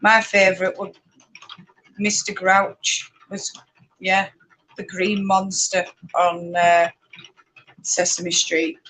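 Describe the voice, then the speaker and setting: A woman's voice: mid-range voice, little pitch movement, slow pace, long pauses, a bit bright, rough recording. A woman with a Yorkshire accent hosting a casual live stream, chatting and rambling while answering viewers, laughing often. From northern England. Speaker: spinning vlogger hosting a live chat.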